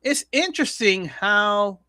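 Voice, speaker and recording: A man hosting a casual comedy news show, talking in halting bursts with restarts and chuckles. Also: high voice, expressive, sharp tone, no room sound, clean studio sound. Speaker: news commentary host.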